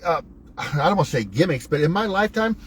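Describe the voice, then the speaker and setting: A man's voice: a little high, big pitch swings, quick pace, slight background noise, rough recording. A man hosting a motivational talk, coaching viewers in a preachy, emphatic, folksy way with wide swings in his voice. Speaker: host.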